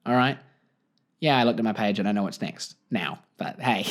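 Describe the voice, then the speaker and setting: A man's voice: medium pitch, expressive, slow, darkish tone. A young man with a New Zealand accent hosting a solo podcast, telling a story in a jokey, rambling way and laughing often. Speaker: podcast host.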